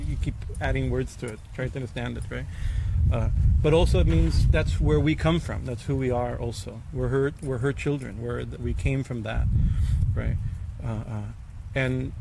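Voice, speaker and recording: Male swami, gravelly voice, informal halting discourse with frequent fillers and bursts of emphasis, faint background hiss. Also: medium pitch. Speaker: swami giving a scripture class.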